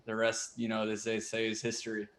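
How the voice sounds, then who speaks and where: A young pro baseball player, guesting in a casual interview, talks in a lowish, monotone voice at a brisk clip. He laughs a lot and uses plenty of fillers, and the room sounds echoey.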